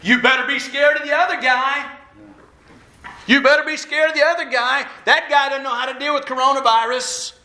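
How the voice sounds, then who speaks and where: A man's voice: extremely high pitch, steady tone, normal speed, sharp tone, reverberant, voice pushed up, full character voice. A man mimicking a pushy political attack ad during a sermon, repeating warnings. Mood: urgent. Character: pushy campaign ad voice warning of rivals.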